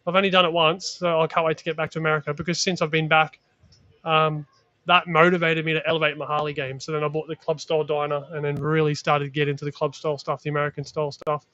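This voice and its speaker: Lively Australian man, dull dry sound. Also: on the high side, fast, no room sound. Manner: energetic storyteller, slangy. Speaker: guest. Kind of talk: casual chat.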